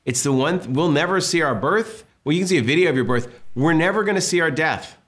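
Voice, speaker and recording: Animated storytelling man from Massachusetts. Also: on the high side, fast, few pauses. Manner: animated storyteller acting out quotes. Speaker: director being interviewed. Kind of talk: casual interview chat.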